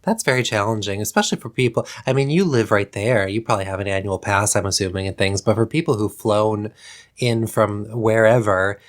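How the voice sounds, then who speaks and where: A man with a fairly low voice talks as a podcast guest. His delivery is loose and conversational, full of asides and restarts. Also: fairly quick. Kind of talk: casual chat.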